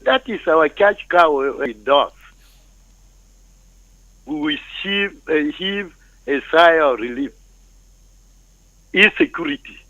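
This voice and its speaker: A Nigerian man phones in to a talk show and lays out his views forcefully, teasing the host along the way. His voice sits a bit high, and the line is muffled and dry. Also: expressive, takes it slowly, pauses often, dry recording. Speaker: phone-in caller. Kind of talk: call-in opinion.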